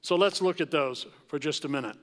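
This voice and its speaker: A man preaching a sermon as pastor, slow and emphatic, with dramatic pauses. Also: a little high. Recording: long reverb of a large hall.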